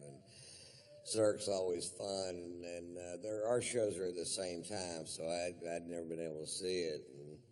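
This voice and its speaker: A man's voice: sits low, a little mellow. Man drawling a profane comedy story. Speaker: stand-up comedian. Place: live theater stage before an audience.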